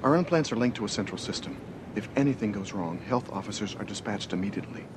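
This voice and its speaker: A man's voice: on the low side, expressive, fast talker, noisy background, close to an everyday voice. An actor playing an anxious male alien official who speaks hesitantly and earnestly, in a TV clip with music underneath.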